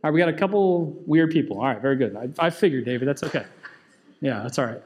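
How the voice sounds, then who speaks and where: A man's voice: medium pitch, expressive, fast, a little mellow. A man preaching a sermon in a conversational way, asking the congregation questions and joking with them. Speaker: pastor.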